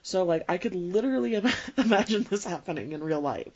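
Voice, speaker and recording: A woman's voice: fairly low pitch, expressive, fast talker, a little mellow. A woman hosting a podcast, chatting casually with swearing and frequent laughter. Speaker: podcast host. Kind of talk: casual chat. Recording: dull lo-fi recording with faint noise.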